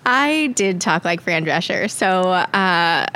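A woman's voice: on the low side, animated, slow, bright, forceful tone. Woman, slight long island accent, casual chat, laughs a lot, faint noise. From Long Island, New York. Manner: chatty, laughs often. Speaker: podcast guest.

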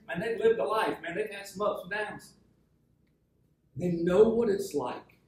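A man's voice: high-pitched, slight background noise. A man preaching a sermon, telling stories and joking with the congregation. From Georgia, USA. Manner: storytelling, joking, animated. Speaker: pastor. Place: church hall. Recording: echoey hall from far off.

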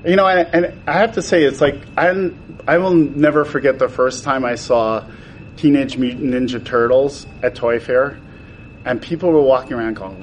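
A man's voice: mid-range voice, normal speed, a little hiss or hum, low-quality recording. A man, a toy designer, telling stories in conversation and acting out the quoted exchanges with changes of voice. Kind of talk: animated storytelling in conversation.

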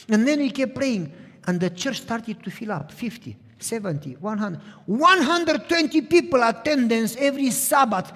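Lively high-voiced male pastor preaching. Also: measured pace. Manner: animated storytelling, acting out dialogue. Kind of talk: sermon. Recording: long reverb of a large hall.

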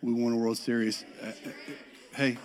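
A man's voice: mid-range voice, flat delivery, moderate pace. A middle-aged man from the US South with a Southern accent, telling a self-deprecating personal story in a sermon. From Metro Atlanta, US South. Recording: long reverb of a large hall.

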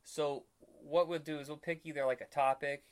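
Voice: mid-range voice, steady tone, normal speed. A podcast co-host in casual chat, opinionated, swearing freely and acting out jokes in put-on voices.

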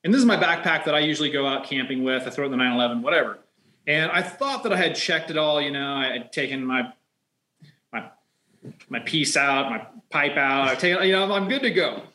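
A man's voice: a little high, expressive, fairly quick, bright, forceful tone, reverberant. A man in casual chat, telling a rambling anecdote with lots of fillers. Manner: reactive, chatty, rambling.

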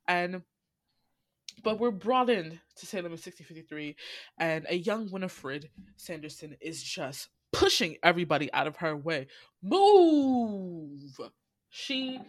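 A woman's voice: lowish voice, no echo, clean studio sound. Profane, laughing woman recapping a movie. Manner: profane, animated, laughs often. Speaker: podcast host.

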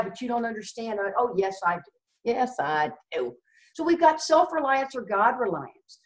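Blunt, self-mocking woman, echoey. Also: mid-range voice. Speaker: recovery speaker. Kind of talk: candid recovery talk. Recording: echoey, distant mic.

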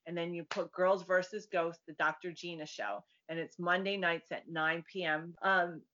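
A woman's voice: on the low side, fairly even intonation, normal speed, sharp tone. A woman guest, a psychic medium, chatting casually and acting out the voices in her stories. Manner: chatty storyteller, acts out quoted voices. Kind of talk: casual interview chat. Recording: dull lo-fi sound.

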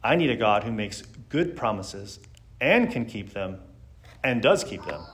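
A man's voice: lowish voice, big pitch swings, measured pace, a little hiss or hum. A man giving a church Sunday school lesson, speaking earnestly and reading scripture aloud with emphasis.

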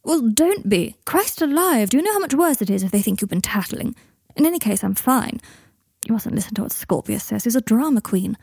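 Woman reading a clipped bitter wizard dad, mellow dry storybook sound. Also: on the high side, lively intonation, brisk, gravelly, breathy edge, dry recording, full character voice. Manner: strained and clipped. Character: bitter, clipped, proud adult wizard father.

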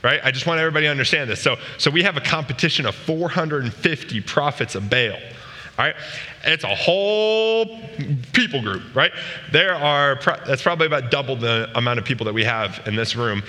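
A man's voice: medium pitch, expressive, a little fast, pushed and bright, in a large hall. A man giving a casual, joking sermon to a youth group. He often asks the room questions. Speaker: youth pastor. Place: large room with a live audience.

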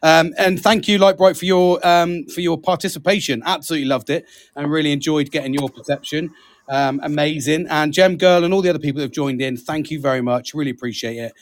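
A British man, voice sitting a touch high, chats on a live podcast in a loose, friendly way and keeps calling his co-host mate. The sound is dry and close, with no room around it. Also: steady tone, fairly quick, no echo. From Britain. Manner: chatty, says mate a lot, laughs often. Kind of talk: casual podcast chat.

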